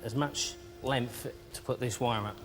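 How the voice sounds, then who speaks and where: A man's voice: medium pitch, measured pace, loud music behind the voice. A man giving a cooking demonstration as a sausage maker, with matter-of-fact instructions. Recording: noisy TV studio.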